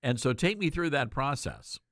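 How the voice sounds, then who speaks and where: A man's voice: medium pitch, very animated, moderate pace, fairly bright tone, no room sound, studio quality. A man hosting a talk radio show, speaking in an emphatic, folksy way.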